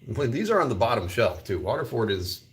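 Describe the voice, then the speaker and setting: A man's voice: medium pitch, sing-song, moderate pace. Guy rambling on a phone vlog in a store, lots of little laughs, voice jumps around. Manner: rambling, laughs often, thinks aloud. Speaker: whiskey channel host. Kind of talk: casual live vlog. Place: whiskey store aisle.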